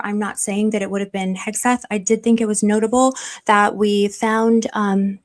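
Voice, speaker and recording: A woman talks through her theories on a live stream in a chatty, conversational way. She pauses on fillers while she thinks, then turns effusive as she thanks her viewers. Her voice sits at an ordinary middle pitch. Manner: hesitant with frequent fillers while reasoning. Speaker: livestream host. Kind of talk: live-streamed investigative commentary.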